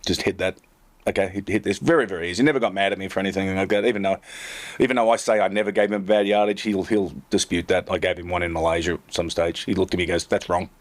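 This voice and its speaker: A man's voice: low-pitched, steady tone, racing. A middle-aged man, a tour caddy and co-host, telling rambling, self-mocking stories in casual chat full of fillers.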